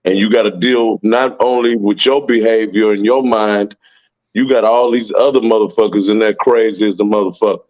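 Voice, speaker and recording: A man with a fairly low voice talks bluntly and profanely in heavy street slang, often ending his sentences with "man". The recording sounds dull and lo-fi. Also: fairly even intonation, moderate pace, darkish tone. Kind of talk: casual conversation.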